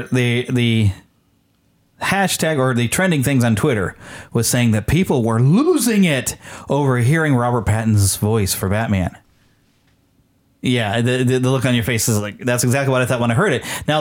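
A man's voice: mid-range voice, animated, brisk. Chatty male podcast host. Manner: chatty, enthusiastic, rambling. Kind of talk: casual chat.

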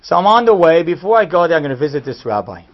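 Man, sermon storyteller, animated, fairly high voice, dull lo-fi recording. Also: quick pace. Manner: animated storyteller acting out quotes. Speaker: speaker giving a talk.

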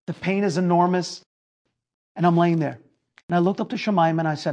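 A man giving a lecture, telling a personal story in an emphatic way that builds to near shouting. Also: high voice, steady tone, a little fast, pauses often. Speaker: speaker telling his story.

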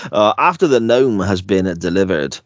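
Host, male, very low voice, dry close sound, rambling casual chat. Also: dry recording, dull audio. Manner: rambling, retells scenes with hesitant restarts. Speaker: podcast host.

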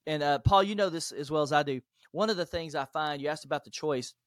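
A man of middling pitch tells animated stories as a podcast guest, slipping into the voices of the people in them. The recording is dry and close, with no room sound. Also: quick pace, no echo. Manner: animated, acts out dialogue in stories. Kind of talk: interview storytelling.

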